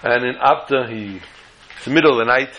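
A man telling a story aloud, acting out the characters' lines with a raised, excited voice. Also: mid-range voice, a little fast, highs cut off, slight background noise. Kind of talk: animated oral storytelling.

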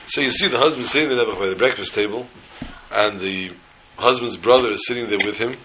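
A man giving a sermon as a rabbi, an animated storyteller who acts out scenes before he turns to teaching. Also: fairly low pitch, brisk, noisy background. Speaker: rabbi teaching the weekly Torah portion.

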